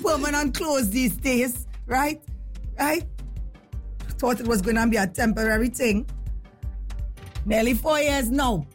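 A woman with a Trinidadian accent chats playfully with her live audience in dialect, her voice sitting on the high side. Faint music plays underneath. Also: measured pace, long pauses. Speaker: live stream host. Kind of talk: casual live chat with viewers.

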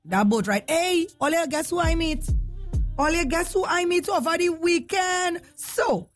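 A young woman, hosting a casual morning radio show, lively and chatty. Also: very high voice, a little slow, faint music behind. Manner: lively, chatty, laughs often.

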